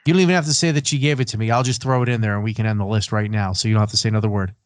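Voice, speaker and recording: Speaking rapid-fire in a lowish, steady-toned voice, a man argues his picks on the music podcast he co-hosts. The debate is casual, but he's firm and argumentative, building a case, and he's recorded over a remote call with his own mic.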